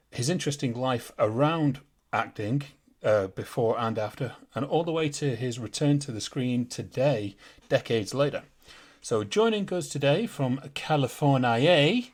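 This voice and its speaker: A British man hosting a podcast in casual chat, laughing often and going on grumbling rants. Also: medium pitch. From Britain. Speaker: podcast host.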